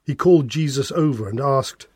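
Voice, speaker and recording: A man narrating a Bible reading in a clear, expressive way. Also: medium pitch, moderate pace, no echo, studio quality.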